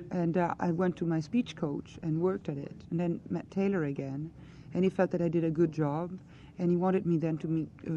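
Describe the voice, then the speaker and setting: A woman's voice: sits low, dark tone, lo-fi sound. A woman answering questions as an actress in a press interview, earnest and searching for her words.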